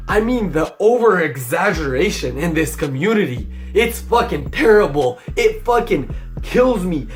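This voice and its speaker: A young man delivering sarcastic, profanity-laden commentary on online drama, slipping into mocking impressions. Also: high voice. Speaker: commentary YouTuber.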